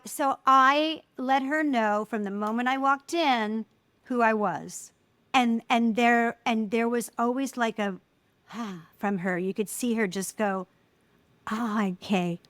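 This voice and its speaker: A middle-aged woman speaking as an interview guest, telling personal stories in an animated way and acting out the voices of people she quotes. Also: fairly high pitch, slow pace, dry recording. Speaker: guest, filmmaker. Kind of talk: casual interview conversation.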